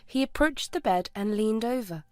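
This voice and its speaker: A woman reading a scripted story as narrator, measured and even. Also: on the high side, no room sound, clean studio sound.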